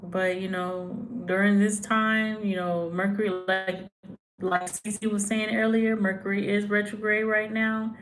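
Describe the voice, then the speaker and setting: A young woman, giving a casual, halting tarot reading full of fillers and sighs. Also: medium pitch, slight background noise, poor audio. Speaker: tarot reader. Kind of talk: live tarot reading chat.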